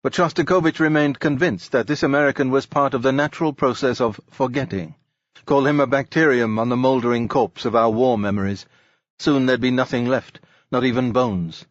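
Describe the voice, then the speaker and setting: A man's voice: fairly even intonation, fairly quick, dry recording, dull audio. Man reading literary fiction aloud. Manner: raises his pitch for quoted characters. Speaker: audiobook narrator. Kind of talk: scripted narration.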